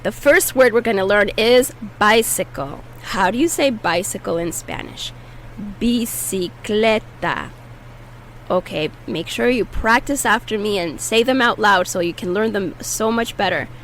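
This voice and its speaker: A woman teaching a language lesson, patiently saying each word slowly and clearly so listeners can repeat after her. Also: medium pitch, fairly bright tone, a little hiss or hum, rough recording. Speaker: Spanish teacher.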